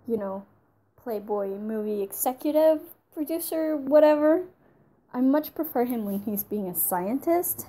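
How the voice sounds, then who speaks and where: Chatty woman reviewer with a mellow voice. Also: on the high side. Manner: chatty, frank and enthusiastic, often breaking into laughs. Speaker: TV episode reviewer. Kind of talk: casual spoken review.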